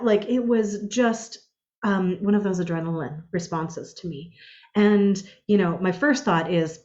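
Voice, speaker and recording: A woman giving a spiritual guide's casual energy update, telling personal stories in an animated way. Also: mid-range voice, measured pace, highs cut off. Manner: animated storyteller, acts out her own quotes.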